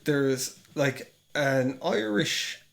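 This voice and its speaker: A man's voice: mid-range voice, expressive, very slow, vocal fry. Sweary rambling man chatting films. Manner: rambling, sweary, laughs along. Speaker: podcast co-host. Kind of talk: casual film chat.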